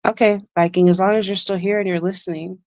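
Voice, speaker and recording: A woman's voice: mid-range voice, little pitch movement, fast talker, darkish tone, no echo. A woman hosting a livestream, telling a personal story in a rambling, emotional way and breaking off to greet chat viewers. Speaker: livestream host.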